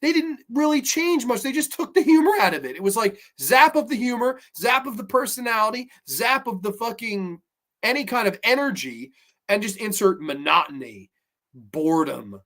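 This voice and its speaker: A man talks through his horror movie review show in a casual, unscripted rant. He is blunt and profane, and he sounds plainly exasperated. His delivery swings into sudden loud outbursts of disbelief. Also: high-pitched, normal speed. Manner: animated, with sudden loud bursts.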